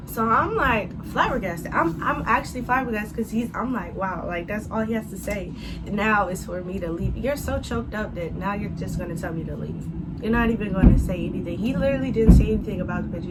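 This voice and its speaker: A woman recounts a personal story in a casual storytime, animated, addressing viewers directly and cursing freely. Her voice sits mid-range for a woman. Loud music plays behind her. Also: medium pitch, a little fast, poor audio. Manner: animated, talks to the audience as y'all, swears freely. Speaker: vlogger.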